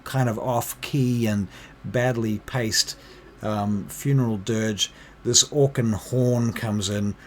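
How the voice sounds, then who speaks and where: A man's voice: mid-range voice, fairly even intonation, slow pace, a little hiss or hum. A man running a tabletop game as game master, narrating with lots of hesitations and ums. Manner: hesitant, full of ums, chatty.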